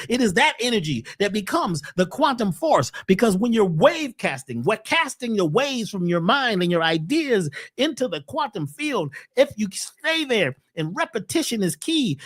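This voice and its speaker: A man giving a webcast talk on health in a preacherly way, swinging between loud lines and hushed ones. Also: high voice. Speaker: holistic health speaker.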